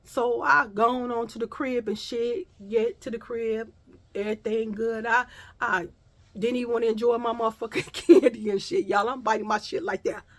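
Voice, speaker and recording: A woman telling a personal story in a casual vlog, animated and profane, talking straight to her viewers. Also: on the high side, normal speed.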